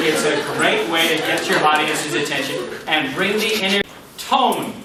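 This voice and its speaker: A man giving a public-speaking workshop lecture, animated and playful, acting out high and low voices and chuckling often. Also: normal speed, far from the mic, over a noisy crowd. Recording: echoey lecture hall from afar, noisy.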